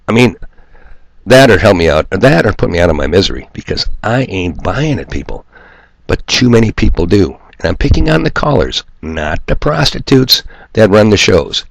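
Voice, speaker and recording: Deep gravelly man ranting sarcastically. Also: expressive, moderate pace, no room sound. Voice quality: nasal twang. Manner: sarcastic, profane, self-mocking. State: hay fever. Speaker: solo video commentator. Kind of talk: ranting monologue to viewers.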